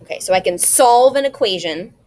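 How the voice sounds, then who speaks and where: A woman's voice: mid-range voice, animated, fairly quick, a little mellow. A woman math teacher recording a video lesson, explaining each step patiently and checking in with rhetorical questions.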